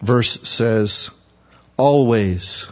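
A man preaching a sermon, asking his listeners questions and getting animated when he acts out a pleading voice. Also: extremely slow. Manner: animated, rising high when acting out pleading; asks the audience questions. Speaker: pastor. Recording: dull, echoey hall.

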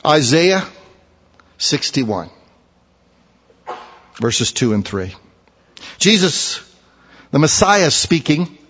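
Pastor guy preaching, kinda high voice, folksy, goes hushed then loud, big echoey church, muffled sound. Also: sing-song, very slow, pauses often, breathy edge. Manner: folksy storytelling, swinging between hushed asides and raised emphatic preaching. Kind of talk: sermon.

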